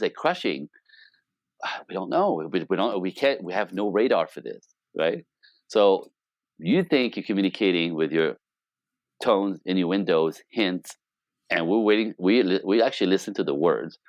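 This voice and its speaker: A man working as a relationship coach, talking in a casual interview as an animated, joking storyteller. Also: low voice, dry recording. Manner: animated, joking storyteller who acts out quoted dialogue.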